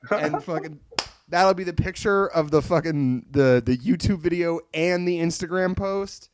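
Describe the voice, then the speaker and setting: A man hosting a casual podcast, retelling an anime plot in an animated, rambling way and swearing freely. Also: on the high side, a little slow. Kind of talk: casual chat reviewing an anime.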